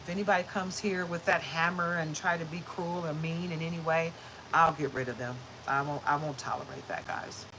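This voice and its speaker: A woman hosts a casual spiritual reading livestream, chatty and upbeat, laughing often as she thanks viewers. Her voice sits a little low but comes across bright and forceful. She keeps it friendly and conversational. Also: fairly even intonation, brisk, slight background noise, poor audio. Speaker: spiritual reader and livestream host.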